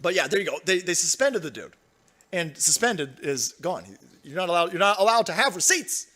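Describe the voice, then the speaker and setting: Profane ranting high-voiced male streamer. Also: lively intonation, fairly quick, bright, forceful tone. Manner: profane, ranting, reads viewer chat. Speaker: livestream host. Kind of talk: political livestream commentary.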